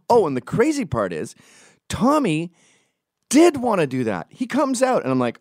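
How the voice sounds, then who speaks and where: A man's voice: sits high, huge pitch swings, moderate pace, darkish tone, no echo, clean studio sound. A man hosting a podcast, telling comic stories in a profane, ranting way. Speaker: podcast host. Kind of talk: casual comic storytelling.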